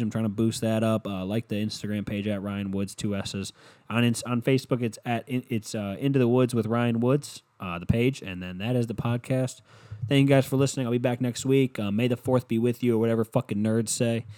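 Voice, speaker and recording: A man's voice: medium pitch, dark tone. Rambling, profane young podcast guy. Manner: rambling, profane, heavy on filler words. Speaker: podcast host. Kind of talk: casual solo podcast monologue.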